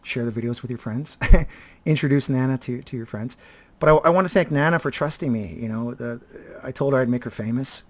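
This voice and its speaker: A man in his fifties talking casually and reflectively to his viewers, halting often and repeating words as he restarts his sentences. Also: mid-range voice. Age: 50s. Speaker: vlogger and teacher.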